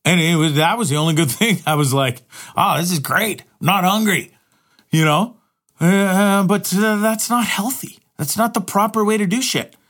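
Profane, rambling middle-aged man. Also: high voice. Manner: rambling, profane, repeats and restarts words. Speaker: vlogger and live streamer. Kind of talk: candid personal monologue.

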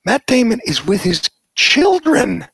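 This podcast host has a high-pitched, creaky voice with a breathy edge, speaking at a measured pace with no room sound. He delivers opinionated political commentary in an animated way, ridiculing the voices he quotes.

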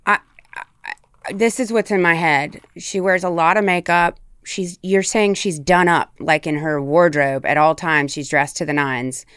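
A woman's voice: lowish voice, steady tone, unhurried, a bit bright, smooth, no echo, studio quality. A woman from the American South, an actress chatting candidly on a podcast, casual and given to swearing. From Tennessee, US South. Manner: chatty and candid, swears freely, demonstrates accents. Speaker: actress guest.

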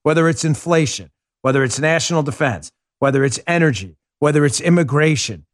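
A male podcast host delivering political commentary in a fairly high voice, recorded close and dry with no room sound. He speaks with punchy emphasis and keeps circling back to the same short slogans to drive his point home. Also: lively intonation, fairly quick, no room sound. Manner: emphatic, repeats slogans for stress; talks to a co-host by name.

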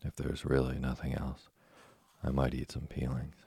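A fussy, whining wooden puppet boy, voiced by a man reading a storybook. The voice sits very low and husky, with a gravelly edge. It is recorded dry and close. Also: monotone, normal speed, warm tone, dry recording, full character voice. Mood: grudging. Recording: dry close studio sound.

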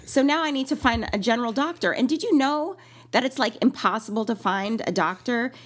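A woman in casual conversation, animated and quick to laugh, still recovering from an illness. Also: fairly high pitch. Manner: animated, laughs often, acts out quoted voices. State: recovering from illness, lingering cough. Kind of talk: casual storytelling chat.

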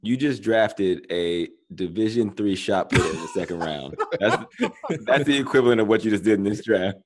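Man, low-pitched, podcast co-host, teasing banter, casual. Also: lively intonation. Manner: teasing, quick ribbing banter.

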